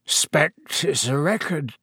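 A man voicing a big, gruff, soft-hearted groundskeeper who talks slowly with a growl. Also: medium pitch, lively intonation, no room sound, clean studio sound. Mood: gloomy, thick.

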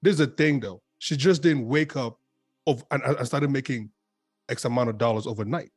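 A man in a casual group chat, relaxed and rambling, full of fillers. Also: mid-range voice, moderate pace, husky, no room sound, studio quality, faint music behind.

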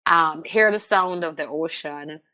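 A middle-aged woman, a guest telling personal stories in an interview, animated and repeating words as she restarts sentences. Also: low-pitched, unhurried. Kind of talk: candid conversational interview.

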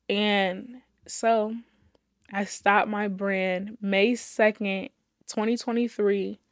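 A woman's voice: mid-range voice, little pitch movement, drawn-out words, no room sound. Woman pouring out her faith story, teary and fired up, laughs a lot, dry close sound. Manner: fervent, repeats phrases, laughs between lines; casual, addresses listeners as y'all. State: holding back tears. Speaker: host sharing her faith testimony. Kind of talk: emotional personal testimony.

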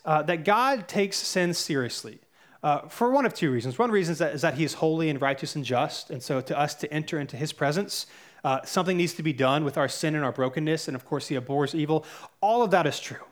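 A pastor in his thirties with a fairly high-pitched voice preaches earnestly and conversationally, using fillers and correcting himself as he goes.

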